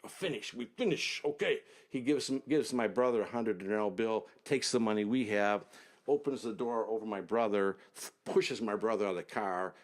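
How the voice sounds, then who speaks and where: Deep-ish guy telling a long travel story in an interview, unhurried, lots of detail. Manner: unhurried, detailed storyteller, often trails off low. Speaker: interview guest, travel author.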